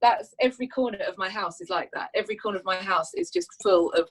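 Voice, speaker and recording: A woman's voice: mid-range voice, quick pace, a little hiss or hum, poor audio. A woman, a crime writer, chatting on an online panel, self-mocking and asking the others questions. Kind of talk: casual online panel chat. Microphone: video call.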